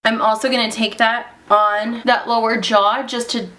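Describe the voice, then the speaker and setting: Bright-voiced young woman walking through makeup. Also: on the high side, moderate pace, a little hiss or hum. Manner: gushing, breaks into excited squeals. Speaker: beauty vlogger. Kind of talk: casual makeup tutorial narration.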